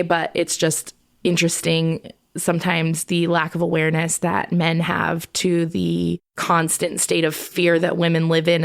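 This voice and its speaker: A woman's voice: on the low side, gravelly. A woman podcast host telling a personal story in a candid, conversational way, swearing freely. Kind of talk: casual storytelling.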